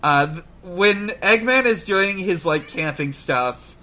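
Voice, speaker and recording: Slow, bright-toned male podcast co-host. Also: sits high, animated. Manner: halting, many "uh" fillers and restarts, swears, laughs easily. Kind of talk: casual chat recapping a cartoon.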